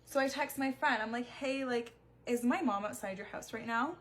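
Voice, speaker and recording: A woman's voice: fairly high pitch, normal speed. A young adult woman telling a story in a chatty, casual way, with plenty of "like" fillers. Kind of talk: casual storytime while getting ready.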